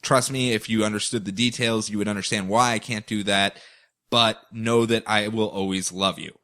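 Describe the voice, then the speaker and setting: A man reading as a gentle, apologetic father. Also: fairly low pitch, steady tone, moderate pace. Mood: tender. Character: apologetic absent father writing a letter.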